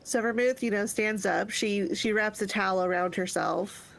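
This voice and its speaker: A woman player at a tabletop game, describing what her character does. She speaks at a middle pitch and an ordinary pace, pausing with fillers as she thinks. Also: vocal fry, rough recording. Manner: hesitant, with fillers.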